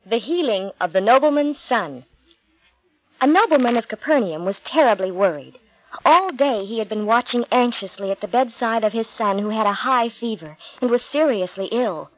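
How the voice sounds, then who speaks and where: A woman narrating a Bible storybook in a slow, expressive, deliberate reading. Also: on the high side, dry recording, low-quality recording.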